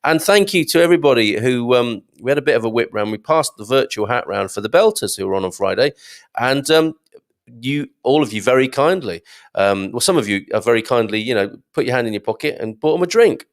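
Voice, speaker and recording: Chatty gravelly-voiced male host. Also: medium pitch, lively intonation, brisk. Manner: chatty and rambling, with many fillers and restarts. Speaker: host reading viewer comments. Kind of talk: casual live-stream chat.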